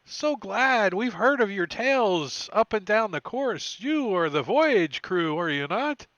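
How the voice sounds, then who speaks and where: A man voicing a cheerful ship merchant who welcomes the crew aboard loudly and eagerly. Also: lively intonation, unhurried, no room sound, dull audio. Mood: effusive. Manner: loud, high and eager.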